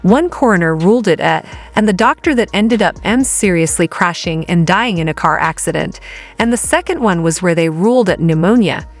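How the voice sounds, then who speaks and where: Woman narrator, slightly low voice, dramatic scripted gossip read. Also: animated, a little fast. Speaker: channel narrator.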